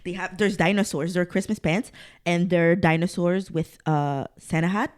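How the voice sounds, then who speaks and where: In a casual solo rant on her podcast, a young adult woman swears heavily, goes off on side tracks and complains in an exasperated, exaggerated manner. Her lowish voice keeps fairly even intonation at a normal speed.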